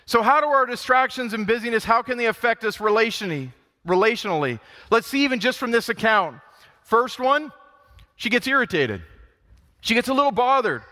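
A male pastor delivers an animated sermon in a church sanctuary, slipping into grumbling voices to act out what he describes. His voice sits high and sounds bright and forward. The sound has a long, lingering hall reverb. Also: a little fast. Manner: animated preaching, acts out grumbling quotes.

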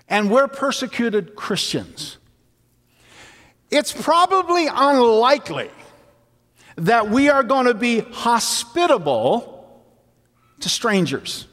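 Preacher guy with a high voice, slow sermon talk, lots of little stories and jokes, long church reverb. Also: sing-song, a bit bright. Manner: unhurried storytelling with jokes.

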